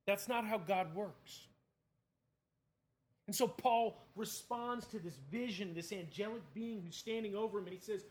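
Man, high voice, preaching, conversational, emphatic, rhetorical questions. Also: expressive, normal speed. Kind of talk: sermon.

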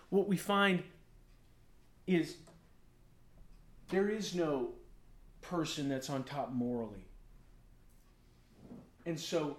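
Male pastor, high voice, animated storytelling sermon, acts out his own rants.

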